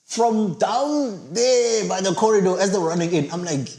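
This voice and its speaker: A man's voice: sits high, normal speed, a little mellow. A man co-hosting a casual film review chat, telling stories animatedly and acting out his own reactions with big jumps in voice. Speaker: podcast co-host. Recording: roomy echo.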